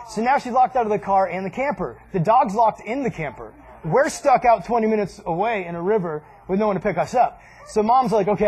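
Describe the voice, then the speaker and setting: Husky, high-voiced man telling a story. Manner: animated, acts out voices and laughs. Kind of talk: casual storytelling to a group.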